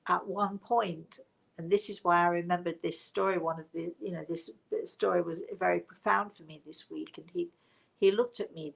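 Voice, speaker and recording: A British woman who works as a spiritual medium hosts a live show, telling stories to her livestream audience with reflective warmth and self-mocking laughs. Her voice is on the low side, slightly rough with vocal fry, and the audio quality is poor.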